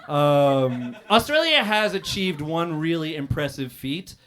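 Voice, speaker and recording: Man doing a stand-up roast. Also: on the high side. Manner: deadpan, dry delivery with many "uh" pauses and loud outbursts. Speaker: stand-up comedian in a roast battle. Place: comedy club stage.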